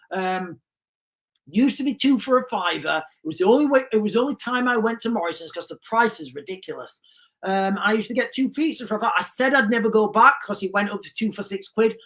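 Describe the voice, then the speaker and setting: A man's voice: high-pitched, fairly bright tone. A man hosting a livestream, talking in a rambling, chatty way and laughing often. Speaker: livestream host. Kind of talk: casual livestream commentary.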